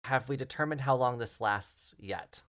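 A curious, businesslike male doctor in an improvised tabletop game, as a game master puts him on, asking measured clinical questions in an everyday tone. He sits at a middling pitch. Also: a bit bright, lightly acted.

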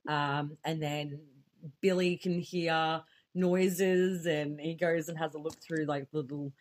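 Recapping a horror film for a podcast, this woman speaks slowly in a low voice with fairly even intonation. She keeps it laid-back and humorous, reading from her notes and laughing a lot.

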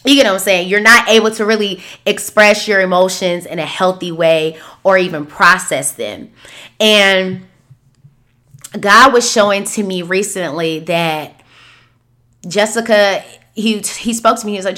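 A woman in her thirties hosting a podcast, talking candidly about feelings, sometimes soft and sometimes animated. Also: mid-range voice, a little slow. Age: 30s. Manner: candid, expressive, shifts between soft and animated. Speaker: podcast host. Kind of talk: reflective solo podcast talk.

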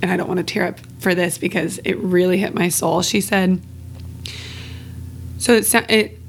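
A lowish, flat, brisk voice with vocal fry belongs to a woman co-hosting a candid, casual podcast, with slight noise in the background. She speaks openly, swears freely, and laughs between phrases.

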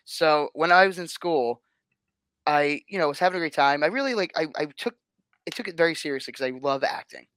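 A man chatting casually as a guest, telling lively stories and acting out what people said. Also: on the high side, a little fast, smooth, no echo. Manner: animated storyteller, acts out quotes with big swings. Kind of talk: casual chat.

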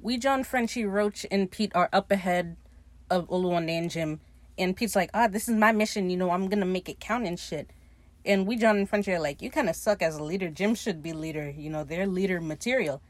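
A woman's voice: lowish voice, brisk, no room sound. A woman casually recapping a TV episode, animatedly acting out the characters' lines as she retells each scene. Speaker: podcast recap host.

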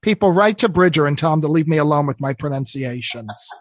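A woman's voice: low voice, expressive, brisk, no echo, studio quality. A woman hosting a casual food chat, talking enthusiastically and teasing her guest. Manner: chatty, enthusiastic, gasps and teases. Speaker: podcast host. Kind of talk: casual chat while eating on a food show. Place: New York City apartment.

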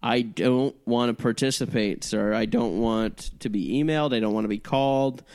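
A man's voice: medium pitch, moderate pace, darkish tone, clean tone, dry recording, clean studio sound, close to an everyday voice. A man playing a reluctant male shopper who keeps politely but stiffly turning down a survey. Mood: annoyed. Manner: polite, stiffly formal refusals.

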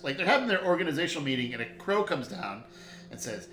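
Lively dm guy, bright slightly high voice, echoey room. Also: fast, slight background noise. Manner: animated, laughing storyteller. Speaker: game master. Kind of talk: narrating a tabletop game.

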